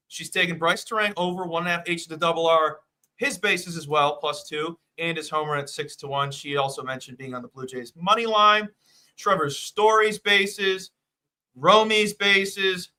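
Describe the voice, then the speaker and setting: High, bright, hyped-up male betting host. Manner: hyped, fast-riffing, jokey. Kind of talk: casual sports betting chat.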